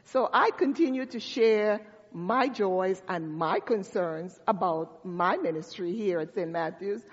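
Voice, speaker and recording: A woman's voice: medium pitch, unhurried, breathy edge. A woman pastor preaching a sermon, telling a story in a conversational way with asides to her congregation. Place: church sanctuary. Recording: dull sound with long hall reverb.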